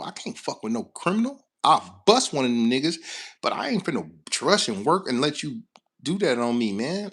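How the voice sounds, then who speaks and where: A man, a truck driver telling a rambling, profane story in casual talk. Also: a little high. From Chicago, West Side. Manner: animated, cursing, laughing, rambling.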